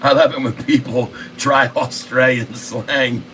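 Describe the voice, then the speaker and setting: A jokey man hosts a casual livestream, laughing often as he reads chat aloud. His voice is bright and sits some way from the mic. An air conditioner hums faintly behind. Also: mid-range voice, fairly even intonation, unhurried, far from the mic, a little hiss or hum, rough recording. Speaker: livestream host.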